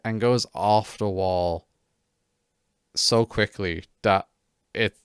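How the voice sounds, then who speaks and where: A man's voice: mid-range voice, clean tone, no room sound, studio quality. Rambling self-mocking male streamer. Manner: rambling, self-mocking, talks in bursts with many restarts. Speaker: game streamer. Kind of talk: casual post-game chat with viewers.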